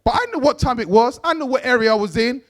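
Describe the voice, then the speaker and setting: A man doing a stand-up comedy set, telling animated stories and acting out characters. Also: extremely high pitch, fast talker. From Bangladesh. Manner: animated storytelling, acts out characters, laughs often. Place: event stage.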